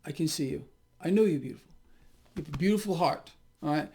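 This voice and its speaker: A middle-aged man hosting a casual market commentary, talking straight to his viewers in an animated, chatty way. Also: fairly high pitch, fast.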